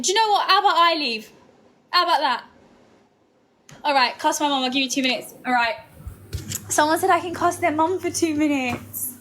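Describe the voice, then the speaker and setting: A young woman streams live late at night, bantering with her chat in an excitable, dramatic way. Her voice sits high and sounds bright and sharp. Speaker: livestreamer.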